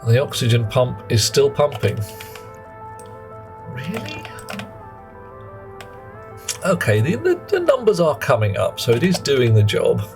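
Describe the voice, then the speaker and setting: A British man narrates his live gameplay in a medium-pitched voice that swoops wildly, talking at normal speed with hardly any pauses over music. Chatty and playful, he greets chat and muses aloud while streaming.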